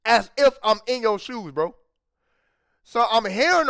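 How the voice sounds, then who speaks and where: A man's voice: extremely high pitch, lively intonation, unhurried, fairly bright tone, no room sound, clean studio sound. A man hosting a reaction video, talking in a heated, profane way, repeating himself and saying "bro" after nearly every phrase. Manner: repeats phrases and restarts when worked up. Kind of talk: casual reaction commentary.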